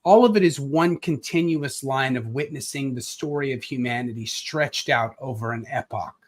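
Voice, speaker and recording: Earnest author speaking from the heart. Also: male voice, mid-range voice. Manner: earnest and reflective, with pauses and fillers. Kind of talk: heartfelt speech at a live launch event.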